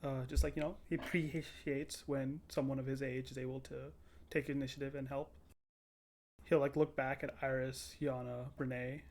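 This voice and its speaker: Man, tabletop player, casual, halting, mid pitch. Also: level tone, darkish tone. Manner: casual, halting, describing actions. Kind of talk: tabletop game play.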